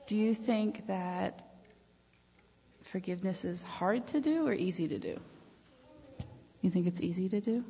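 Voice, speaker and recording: A woman leads a children's talk in a church, speaking gently and asking the kids questions as she tells a story. Her voice is dark and husky with a gravelly edge. The sound is dull and lo-fi, with a long church echo behind it. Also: mid-range voice, normal speed, pauses often. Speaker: children's time leader. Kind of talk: children's sermon. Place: church sanctuary.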